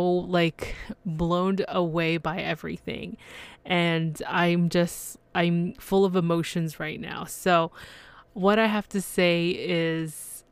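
A young woman hosting her solo podcast, gushing and excited, with lots of fillers and restarts. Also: on the low side, slow, smooth, dry recording. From Canada. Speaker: podcast host. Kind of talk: casual solo podcast chat.

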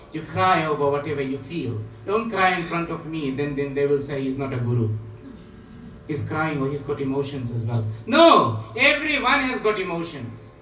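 A man speaking as a guru, giving a spiritual talk in slow, repetitive, emphatic phrases. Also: on the high side, sharp tone, slight background noise. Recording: roomy echo, voice from a distance.

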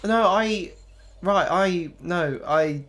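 A man's voice: high voice, very slow. Incredulous, sweary man in a film chat. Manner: animated and incredulous, swears freely. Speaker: podcast co-host. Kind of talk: casual film review chat.

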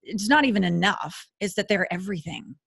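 A woman guest on an interview podcast, talking in an earnest, expressive, spiritual way with sudden bursts of emphasis. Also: mid-range voice, a little fast, vocal fry. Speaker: guest intimacy expert.

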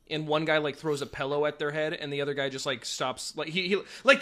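A man's voice: on the high side, pushed and bright. A young man in casual chat with friends, rambling and teasing, full of likes and restarts.

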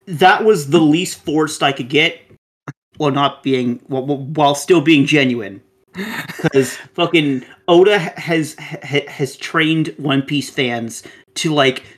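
A woman co-hosting a casual podcast, talking in an excitable, ranting way and swearing freely. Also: sits low. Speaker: podcast co-host.

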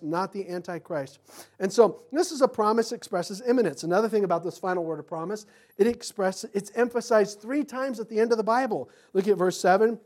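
Middle-aged male pastor, animated sermon delivery, acts out voices, chuckles. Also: sits high.

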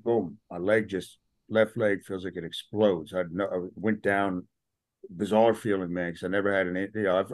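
Man, middle-aged, low voice, dry close sound, casual interview storytelling, acts out quotes. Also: a little mellow, no echo. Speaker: podcast guest.

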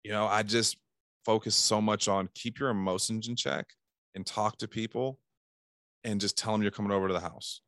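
Animated man coaching sales. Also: lowish voice, normal speed, no room sound, clean studio sound. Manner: animated, acts out calls in bursts. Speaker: sales trainer. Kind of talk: casual sales coaching talk.

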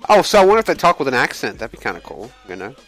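A man's voice: medium pitch, sing-song, racing, fairly bright tone. Man, podcast co-host, casual chat, boastful joking, faint background music. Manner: jokey, boastful trash talk.

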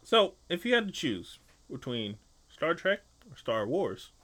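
A man's voice: on the high side, sing-song, unhurried, a bit bright. A man hosting a podcast, joking and swearing in casual banter. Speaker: podcast host. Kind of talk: casual chat.

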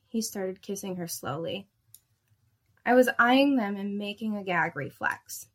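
Young woman reading a spicy story, dry fed-up tone, mid pitch. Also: unhurried.

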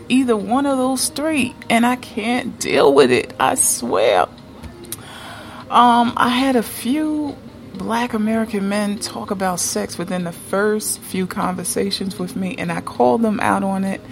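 A woman's voice: mid-range voice, gravelly. A woman talking casually to her viewers in a vlog, chatty and emphatic, often checking in with "okay?". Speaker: vlogger.

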